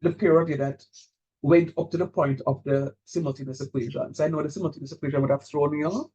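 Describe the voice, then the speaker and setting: A man teaching a calculus class, encouraging his students and repeating key steps slowly so they follow. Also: on the high side, steady tone, dark tone, husky, muffled recording. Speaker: calculus lecturer. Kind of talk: online math lecture.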